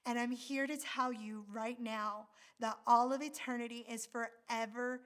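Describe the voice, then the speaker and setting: A woman's voice: a little high, fairly even intonation, unhurried, a bit bright. A woman from the United States, a missionary speaker, telling a story in a sermon in an earnest, heartfelt way.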